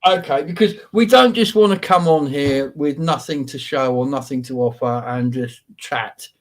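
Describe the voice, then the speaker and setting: A Welsh man hosts a casual live-stream show, chatting and greeting viewers by name. His voice is mid-range and his pace moderate.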